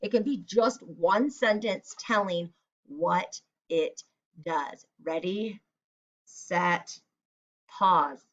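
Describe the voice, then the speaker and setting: A woman's voice: fairly low pitch, drawn-out words, muffled recording. A woman teacher giving a recorded writing lesson to children, guiding them step by step and acting out example sentences. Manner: step-by-step, encouraging, acts out example lines.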